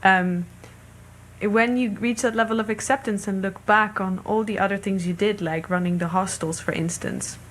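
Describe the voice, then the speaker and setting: Woman podcast host, mid pitch, empathetic, reflective interviewer. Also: steady tone, normal speed, a bit bright, slight background noise. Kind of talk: casual interview.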